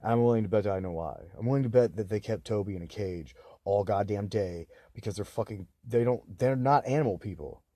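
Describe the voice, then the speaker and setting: A young man from the United States rambles through an agitated monologue to camera, swearing at nearly every turn. His voice sits low and dark, with a husky edge. The sound is dry and close, with no room echo. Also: a little fast, few pauses. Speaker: vlogger.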